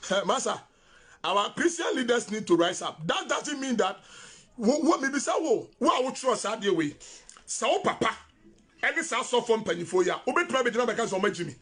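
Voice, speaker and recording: Male commentator, husky and high-pitched, scolding and insistent. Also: very animated, brisk, a bit bright. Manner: insistent, scolding, repeating phrases. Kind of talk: heated commentary, mixing English and Twi.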